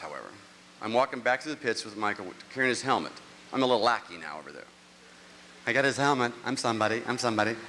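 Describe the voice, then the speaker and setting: His voice sits at medium pitch but comes out pushed and bright, with slight background noise. The middle-aged man is performing stand-up in a large live venue, telling meandering, self-mocking stories with act-outs, captured in live show audio with a long hall reverb.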